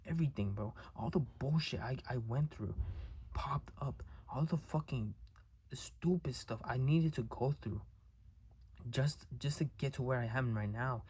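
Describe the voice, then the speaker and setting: Emotional young man, halting confession. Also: mid-range voice, a little mellow, slightly rough. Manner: raw, halting, repeats words, swears often. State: emotional, near tears. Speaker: vlogger. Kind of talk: confessional monologue to camera.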